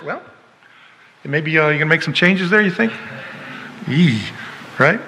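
A man's voice: on the high side, bright, forceful tone, in a large hall. A man preaching a sermon as pastor, emphatic, firing rhetorical questions and acting out little dialogues.

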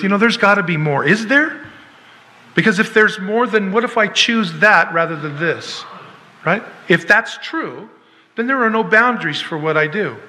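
A man's voice: sits high, bright, forceful tone, big-room sound. A man preaching a sermon as pastor, emphatic, firing rhetorical questions and acting out little dialogues.

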